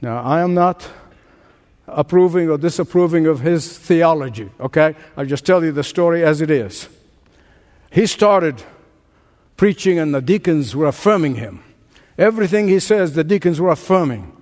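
A man's voice: a little high, expressive, normal speed, darkish tone, in a large hall. A man preaching a sermon, earnest, with a storytelling aside. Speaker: pastor.

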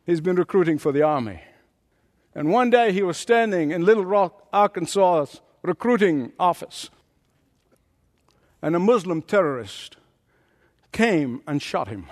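A male pastor preaching a sermon in a dramatic way, swinging from booming lines to hushed ones. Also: in a large hall.

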